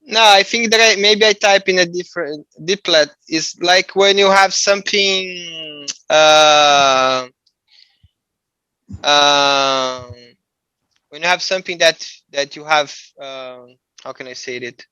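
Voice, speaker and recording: Slow hesitant student, bright voice. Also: mid-range voice, clean tone, no room sound, rough recording. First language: not English. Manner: hesitant, searching for words. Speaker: adult ESL student. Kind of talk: class participation. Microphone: video call.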